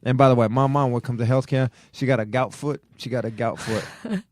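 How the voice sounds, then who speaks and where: A man's voice: mid-range voice, steady tone, brisk, darkish tone, dry recording, clean studio sound. A man, co-hosting a comedy podcast, telling a story in a repetitive, exasperated, drawling way. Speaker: podcast co-host.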